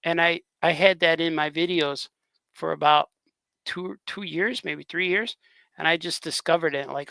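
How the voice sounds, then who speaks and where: A man's voice: on the high side, fairly even intonation, moderate pace, gravelly, pushed and bright, no room sound. A man, a cartoonist, chatting casually on a livestream, rambling and laughing often. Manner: rambling, laughs often, drops into grunting impressions. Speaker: cartoonist co-hosting a livestream chat. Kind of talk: casual chat.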